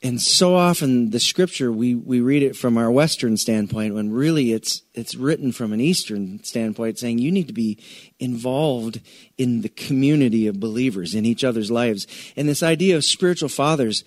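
A middle-aged male pastor from the United States preaches in a loose, conversational way, tossing in jokes and stretching out the words he wants to land. His voice sits at an ordinary middle pitch. The sound is close and dry, with no room around it. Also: moderate pace, no room sound. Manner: chatty, joking asides, restarts sentences, stretches key words. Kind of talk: conversational sermon.

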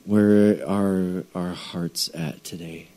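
A man's voice: low voice, fairly even intonation, very slow, warm tone. A male preacher giving a sermon in an emphatic, repetitive, conversational way.

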